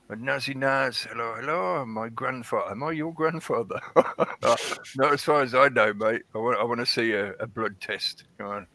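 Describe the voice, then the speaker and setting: A man's voice: mid-range voice, pushed and bright. A man hosting a casual livestream, chatting in a rambling way and greeting viewers in the chat by name. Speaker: livestream host. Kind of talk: casual live-stream chat.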